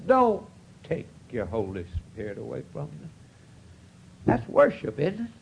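A man's voice: medium pitch, wildly swooping pitch, a little slow, creaky, long pauses, a little mellow, slightly rough, low-quality recording. A man preaching a sermon in a folksy, earnest storytelling manner, with rising outbursts.

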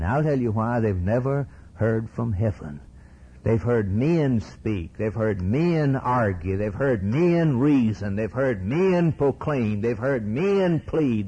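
A man preaching a sermon with passion, swinging from hushed lines to soaring cries. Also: medium pitch, breathy edge, highs cut off.

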